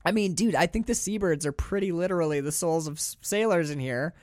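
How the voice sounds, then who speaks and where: A man co-hosting a podcast, talking through a film in a casual, animated, profane way. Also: a little high, fairly quick, no echo, clean studio sound. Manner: animated, profane, restarts often. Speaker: podcast co-host.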